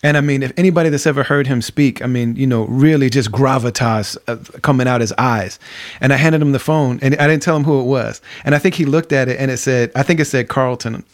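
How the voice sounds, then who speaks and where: A man's voice: medium pitch, a little fast. Man in a mid-range voice, storytelling host. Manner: storytelling, many fillers like "you know". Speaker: podcast host. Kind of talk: casual interview conversation.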